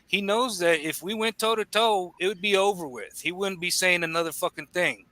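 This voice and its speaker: Brief: aggressive, profane man, piercingly bright, dry close mic. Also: high voice, moderate pace, no room sound. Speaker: guest on a livestream. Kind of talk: heated argumentative chat.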